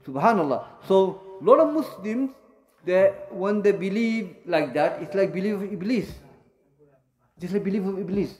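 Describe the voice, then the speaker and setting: A man's voice: high voice, lively intonation, normal speed, a little mellow. A man teaching a lesson, explaining points with many fillers and self-corrections and mixing Arabic terms into English. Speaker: Islamic studies teacher. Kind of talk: classroom lecture.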